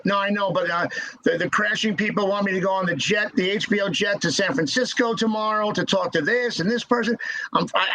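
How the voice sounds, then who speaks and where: A man telling stories as a podcast guest in casual chat, halting and repeating words as he restarts. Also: high-pitched, bright, forceful tone, poor audio.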